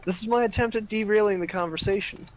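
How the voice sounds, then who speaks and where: A man's voice: high voice, fast talker. A man joking and teasing during a casual group chat on a stream. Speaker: guest. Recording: faint background noise.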